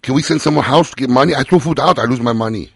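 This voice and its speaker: A man's voice: medium pitch, very fast, gravelly, breathy edge, dry recording, pitched above the performer's own voice. Man putting on a pushy Chinese takeout owner. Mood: insistent. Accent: put-on Chinese-accented English. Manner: broken English, pushy about payment. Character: male Chinese takeout owner on a prank call. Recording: phone call.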